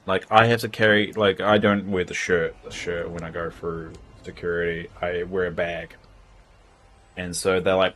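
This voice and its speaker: Deep husky New man streaming. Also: a bit bright. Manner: rambling, frank and chatty. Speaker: livestreamer. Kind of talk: casual gameplay chat.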